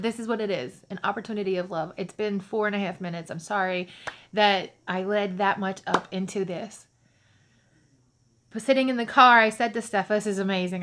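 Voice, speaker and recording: Woman, casual storyteller to camera, chatty and animated, lots of fillers. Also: mid-range voice. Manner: chatty, animated, many fillers and acted-out dialogue.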